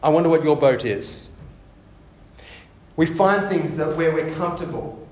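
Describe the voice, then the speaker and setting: A man preaching a sermon, often repeating words as he goes and dropping to soft, hushed tones. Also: on the high side, expressive, unhurried. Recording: echoey room with faint ambience.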